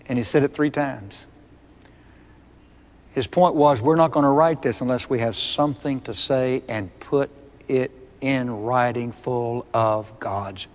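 Slow, emphatic preacher in echoing hall. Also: male voice, on the high side, fairly bright tone. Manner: emphatic, deliberate, repeats key words. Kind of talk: sermon. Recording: long reverb of a large hall.

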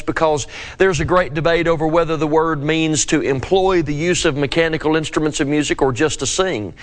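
A man preaching a devotional scripture lesson, asking his listeners earnest questions. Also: on the high side.

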